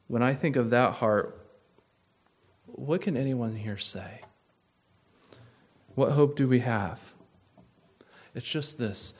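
A man's voice: mid-range voice, unhurried, long pauses. A man preaching a sermon as pastor, emphatic, driving his points home with repeated phrases.

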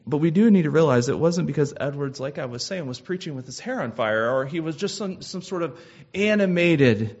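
A man preaching a sermon in a measured, earnest way, with frequent "uh" restarts. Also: a little high, breathy edge. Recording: slightly dull lo-fi sound.

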